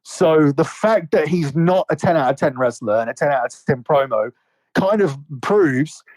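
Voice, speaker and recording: A man's voice: on the high side, expressive, normal speed, darkish tone, rough recording. A man in casual podcast chat about wrestling, rambling and swearing a lot with many restarts. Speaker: podcast co-host.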